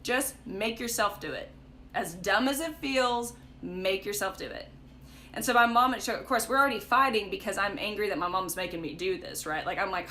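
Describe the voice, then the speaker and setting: A woman's voice: medium pitch, normal speed, pushed and bright, slight background noise. Chatty young woman leading a Bible study. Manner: chatty storytelling with frequent "like" and "right?". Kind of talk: casual livestream Bible study talk. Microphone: phone or webcam for a live stream.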